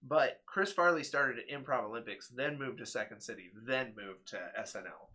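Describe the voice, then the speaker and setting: A man's voice: mid-range voice, moderate pace, pushed and bright. A man hosting a casual podcast, talking animatedly with laughs and swearing. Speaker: podcast host. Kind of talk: casual chat.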